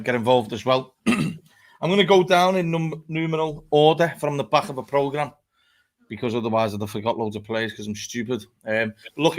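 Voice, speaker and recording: A man hosting a live football fan show, chatty and laughing, swearing freely as he talks. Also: medium pitch. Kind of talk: casual live-stream chat.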